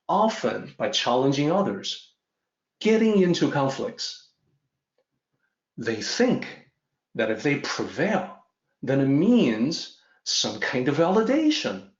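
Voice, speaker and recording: A man teaching a lesson through a story in a measured, explanatory way. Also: medium pitch. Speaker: Tao teacher. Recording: roomy, dull lo-fi audio.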